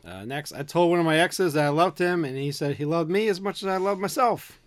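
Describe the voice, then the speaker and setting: A woman's voice: lowish voice, lively intonation, a little fast. A woman co-hosting a casual chat, reading out funny stories and laughing often. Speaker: co-host.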